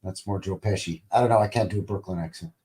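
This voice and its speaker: A man in his fifties talks through old clips in a loose, meandering live-stream style, with plenty of fillers. His voice sits fairly low and unhurried, and he tosses off wry little jokes as he goes. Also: warm tone. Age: 50s. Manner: rambling, joking asides, many fillers. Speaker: channel host. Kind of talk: casual livestream commentary over TV clips.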